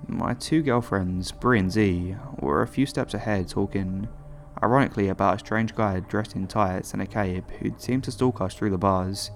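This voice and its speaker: Low-voiced man narrating horror stories. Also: gravelly. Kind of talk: scripted horror story narration.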